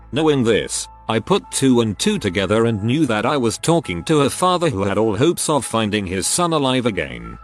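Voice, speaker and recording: A man slowly reading first-person stories aloud in a somber tone. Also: fairly low pitch. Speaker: narrator reading online posts. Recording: faint music behind.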